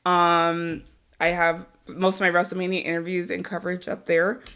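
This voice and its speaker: A woman from Arizona, a guest on a podcast, chatting casually and telling stories in an animated way, laughing often and swearing freely. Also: fairly low pitch, moderate pace, smooth. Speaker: podcast guest, wrestling interviewer.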